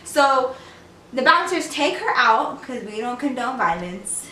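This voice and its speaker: A young woman talks straight to her camera, telling a story in a loose, slangy way and acting out what everyone said. Her voice is bright and sits a little high for a woman. The mic is a bit away from her, so the room echoes around her. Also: measured pace, recorded from a distance, slight background noise. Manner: animated, slangy storyteller who acts out quotes. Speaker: vlogger.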